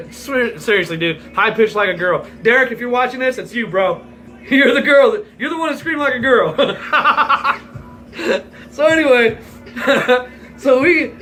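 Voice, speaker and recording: A man in his forties spins a rambling, profane yarn, chuckling often. His voice sits high and bright. Faint music plays behind him. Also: rough recording. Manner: rambling, profane, laughs through the story. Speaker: vlogger. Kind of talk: casual storytelling.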